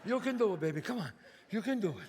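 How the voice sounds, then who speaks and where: Brash new mob boss barking orders, as a man acts him out, high edgy voice, echoey stage. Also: expressive, very fast, slightly rough. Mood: commanding. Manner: loud, bossy, profane, coaxing. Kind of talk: one-man stage show. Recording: live stage, long reverb, faint ambience.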